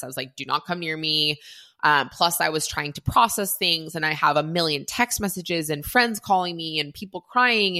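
Bright low-voiced woman telling a story. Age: 30s. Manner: chatty, lots of "like", acts out quoted voices. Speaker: vlogger. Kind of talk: casual storytelling to camera.

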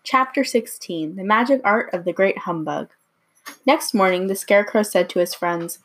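A woman reading a storybook chapter aloud at a measured, unhurried pace with small slips. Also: mid-range voice. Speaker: reader.

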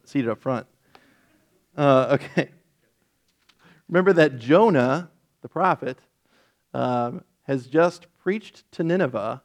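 With a medium-pitched voice, a male pastor teaches the Bible casually, correcting himself in a relaxed way and dropping light jokes. When he reads scripture aloud, his emphasis rises.

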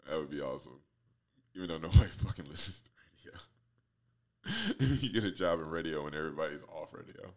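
Very low-voiced laughing podcast guy. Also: lively intonation, fast talker, a little mellow. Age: 40s. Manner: laughs often, swears freely, self-mocking. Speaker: podcast host. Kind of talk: rambling solo podcast monologue.

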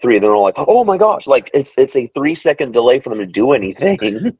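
A man's voice: mid-range voice, expressive, fairly quick, darkish tone, slightly rough, no room sound. A man hosting a podcast in casual chat, recapping scenes with much laughter and mimicry. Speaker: podcast host.

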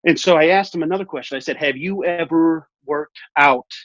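A man's voice: on the high side, brisk, no room sound. A man in his thirties casually telling a personal story in an interview, acting out the dialogue with repeated phrases. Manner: animated, acts out quoted dialogue, repeats phrases. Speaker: guest telling his weight-loss story. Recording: muffled lo-fi audio.

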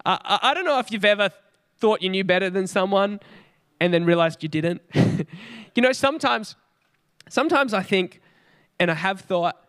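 A man's voice: sits high, animated, moderate pace, long pauses, a bit bright, clean tone. An Australian man preaching a sermon in an earnest, chatty storytelling way, often with a light laugh. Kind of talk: conversational sermon.

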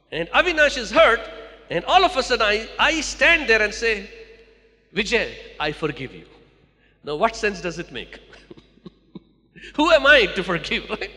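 A man's voice: extremely high pitch, sharp tone, big-room sound. A man preaching a sermon to a church, repeating key lines and calling out to the congregation.

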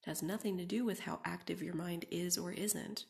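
A young woman hosting a reflective solo podcast, talking casually with many "like"s and often dropping into a soft whisper. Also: fairly low pitch, steady tone, normal speed, vocal fry. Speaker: podcast host.

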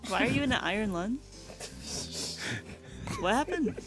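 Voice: medium pitch, lively intonation, moderate pace, music in the background. A person chatting playfully on a casual podcast. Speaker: podcast participant.

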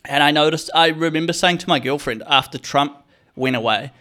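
A man's voice: fairly high pitch, fairly quick, pushed and bright. A young man telling a story in a casual, comedic rant, swearing freely, full of slang and calling the listener bro.

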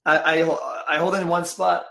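A man from Quebec with a French accent talks in a loose, rambling way, stopping and restarting as he swears. His voice sits high and has a gravelly fry. The sound carries an echoey room around it. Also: level tone, a bit bright. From Quebec, Canada. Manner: rambling, halting, swears casually. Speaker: streamer. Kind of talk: casual chat.

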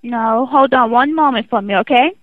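A woman's voice: a little high, normal speed, dry recording. A woman working a customer service line who patiently repeats instructions to a confused caller. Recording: tinny phone line.

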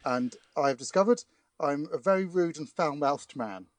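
A man's voice: a little high, lively intonation, moderate pace, crowd noise. A man hosting a casual comedy chat, self-mocking and laughing often. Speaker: host. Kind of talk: casual banter. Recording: audible background noise.

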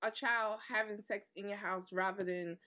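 Bright-voiced woman co-host. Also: mid-range voice, fairly even intonation, moderate pace. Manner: asks probing, reacting questions. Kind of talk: casual chat.

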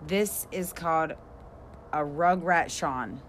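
Low, slow-talking playful woman. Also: fairly bright tone, slight background noise. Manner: giggly, playful, reads definitions aloud. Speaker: podcast co-host. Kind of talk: casual chat.

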